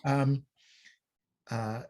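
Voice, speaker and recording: A man's voice: medium pitch, fairly even intonation, drawn-out words, warm tone. An older man from Liverpool with a Liverpool accent, co-hosting a casual chat and rambling playfully between tangents. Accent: Liverpool English. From Liverpool, England. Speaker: co-host.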